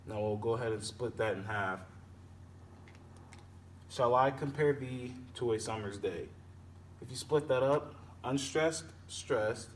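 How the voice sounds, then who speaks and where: A man walks through poetry meter in a halting, patient way, correcting himself as he goes. He sounds set back from the microphone, with a faint hiss of background noise. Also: mid-range voice, recorded from a distance. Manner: slow, halting explanation with self-corrections. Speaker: teacher.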